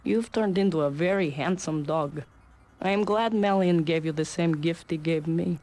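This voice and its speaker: An actress voicing a gentle female dog who talks tenderly. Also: lowish voice, moderate pace, natural voice. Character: gentle older female talking dog, sister.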